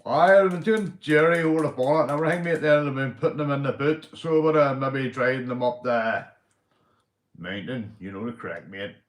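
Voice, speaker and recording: A man with a Northern Irish accent hosting a casual livestream, swearing freely and giving loud shout-outs to viewers. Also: mid-range voice, brisk, reverberant. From Northern Ireland. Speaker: livestream host. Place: indoors at home, drinking.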